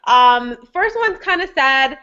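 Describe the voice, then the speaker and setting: A woman's voice: high-pitched, expressive, takes it slowly, bright, forceful tone. A woman hosting a casual video chat, chatty and laughing often. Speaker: host. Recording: dull lo-fi webcam audio.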